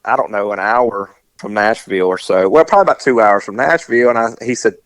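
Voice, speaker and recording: A man's voice: lowish voice, fast, few pauses, dry recording. A man telling a story in casual chat and acting out the dialogue as he goes. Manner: animated, acts out the dialogue in his story.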